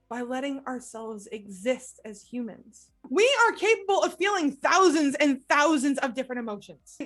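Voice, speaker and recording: A woman hosting a podcast, speaking as a recovery coach in a gentle, reflective monologue and asking questions for the listener to consider. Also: high-pitched.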